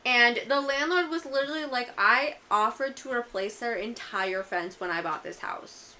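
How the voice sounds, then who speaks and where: A woman's voice: on the high side, normal speed, pushed and bright. A woman on a podcast, chatting casually and sounding exasperated as she tells a story. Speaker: podcast co-host.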